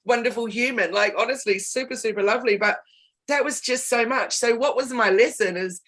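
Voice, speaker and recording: A woman co-hosts a relaxed business chat over a video call. She tells her story candidly, with short laughs slipping into the middle of her sentences. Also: a little high, a little fast. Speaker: co-host.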